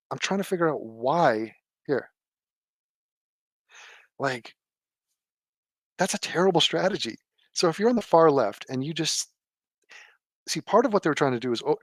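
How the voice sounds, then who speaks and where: A man's voice: expressive, normal speed, long pauses, dry recording. Sarcastic man commenting at his desk. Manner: sarcastic, mocking, mimics people in a low mumble. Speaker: political commentator. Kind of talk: casual live commentary.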